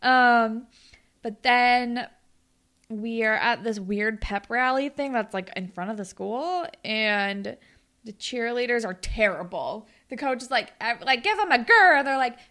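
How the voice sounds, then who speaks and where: A woman's voice: a little high, slow pace, fairly bright tone. A young woman co-hosting a podcast, animatedly recapping a TV episode with sarcastic quoted voices. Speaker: podcast co-host. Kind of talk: casual recap chat.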